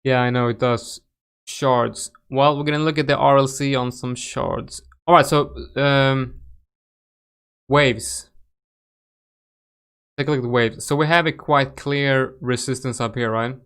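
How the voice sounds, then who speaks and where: A young man with a Swedish accent, hosting a live crypto chart session in a loose, chatty way. His voice is smooth and clear at a middle pitch. He restarts sentences often and throws in plenty of fillers as he reacts to viewers. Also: steady tone, unhurried, pauses often, fairly bright tone. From Sweden. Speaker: crypto trading livestream host. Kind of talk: casual live chart analysis.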